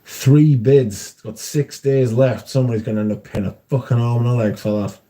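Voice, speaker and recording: A man's voice: medium pitch, fairly even intonation, a little fast, dark tone. A British man hosting a livestream, chatting casually and reading out viewer comments, swearing freely. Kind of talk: casual chat.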